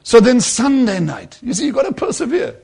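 A man preaching a sermon, telling a story and calling his listeners friends, dropping to a hush and rising to emphasis by turns. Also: very high-pitched, huge pitch swings, fairly quick, vocal fry, husky. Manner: swings between hushed and emphatic, addresses listeners as friends.

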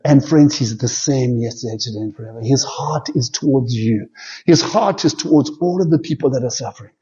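A man's voice: mid-range voice, brisk, slightly rough. Fervent male preacher, muffled recording. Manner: fervent, swings between loud pleading climbs and soft hushed prayer. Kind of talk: sermon with altar call and prayer.

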